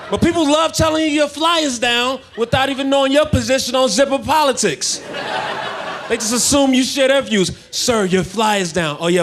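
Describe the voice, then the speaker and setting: A man in his twenties doing a stand-up comedy set on a club stage, with a laid-back, deadpan delivery into a handheld mic. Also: very high voice. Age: 20s. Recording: live club recording with crowd noise. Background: audience laughter.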